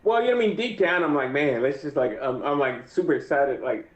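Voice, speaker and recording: A man's voice: fairly high pitch, very animated, fast talker. A young man interviewed as a pro fighter, rambling with lots of "you know what I mean". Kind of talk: casual interview. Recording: muffled echoey remote audio.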